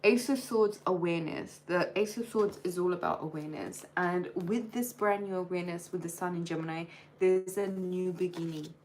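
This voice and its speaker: Casting: woman, low voice, chatty tarot reader on a live stream, cards shuffling, noticeable noise. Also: normal speed, darkish tone, rough recording. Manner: chatty, addresses each sign by name, playful nicknames.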